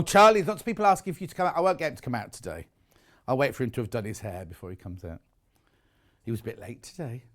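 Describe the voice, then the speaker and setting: Gushing British man presenting a sales show. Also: mid-range voice. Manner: gushing, chatty, exclaiming over fabrics. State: out of breath. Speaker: shopping channel presenter. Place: TV studio.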